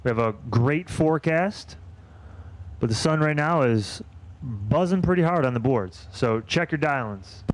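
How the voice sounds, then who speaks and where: A man calling drag races and making track announcements, brisk and dryly teasing his co-announcer. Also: mid-range voice, lively intonation. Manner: brisk, dry, teasing banter. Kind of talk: race commentary and track announcements.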